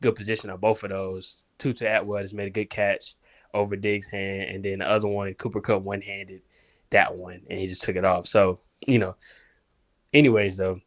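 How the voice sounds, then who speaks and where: A man co-hosts a football podcast in loose, casual conversation. His voice sits somewhat low, and his speech is slangy and relaxed. He often restarts sentences partway through. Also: normal speed. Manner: laid-back, slangy, restarts a lot. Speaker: podcast co-host. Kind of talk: casual sports chat.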